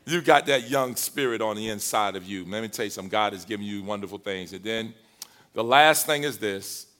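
A man's voice: lowish voice, a little fast, a bit bright. A male pastor preaching a sermon, leading call-and-response and joking with the congregation.

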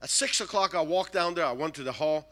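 Bright, high-voiced man preaching. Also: brisk. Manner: animated, broken-English phrasing, chuckles between lines. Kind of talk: storytelling sermon.

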